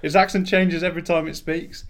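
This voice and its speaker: A man with a high voice banters with friends over a game, swearing and laughing as he talks. Crowd chatter runs behind him. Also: little pitch movement, a little fast. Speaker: gamer. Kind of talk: casual chat while gaming.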